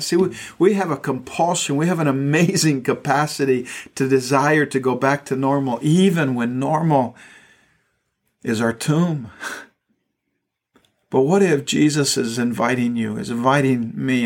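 A man preaching a sermon with a slightly high voice. He tells the story in an earnest, conversational way, and he often trips over his words and repeats them as he goes. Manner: earnest storytelling with frequent stammered word repeats. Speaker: pastor.

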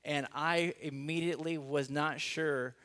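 A young man from Los Angeles preaching a conversational sermon, slowing to a hushed voice on key phrases and joking at his own expense. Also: fairly high pitch, fairly even intonation. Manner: conversational and self-deprecating. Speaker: guest preacher.

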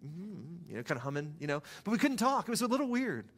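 Soft-spoken pastor, storytelling. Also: male voice, sits high, big pitch swings, very fast. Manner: conversational storytelling, soft and hushed at times. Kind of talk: sermon.

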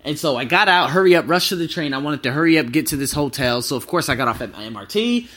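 A thirty-year-old man, a travel vlogger, telling stories casually and excitably, swearing freely. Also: fairly high pitch, quick pace. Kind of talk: casual storytelling.

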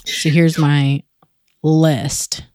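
A woman hosting a podcast, chatting casually, slow and drawling, swearing freely. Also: low-pitched, level tone, darkish tone, no room sound, clean studio sound. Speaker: podcast host. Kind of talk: casual chat.

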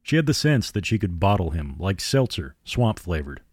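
A man hosting a horror podcast, reading the story in a theatrical, measured way. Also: deep voice, big pitch swings, a little mellow, dry recording, clean studio sound. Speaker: podcast host and narrator. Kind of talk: dramatic horror narration.

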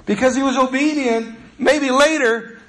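A man's voice: very high voice, steady tone, a little slow. A male pastor preaching a sermon in a conversational, storytelling way.

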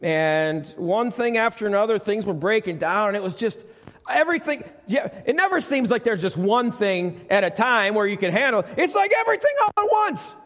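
A man's voice: sits high, sing-song, moderate pace, a bit bright. A middle-aged man preaching a conversational sermon in church, asking the congregation questions. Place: church sanctuary. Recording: live church recording with long reverb.

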